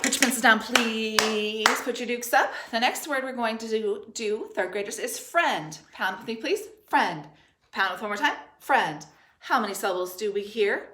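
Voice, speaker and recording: A woman teacher leading a third grade spelling dictation, speaking slowly and sounding out each syllable and letter with care. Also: on the high side, a bit bright. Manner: slow, clearly enunciated, sounding out letters and syllables. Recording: roomy echo.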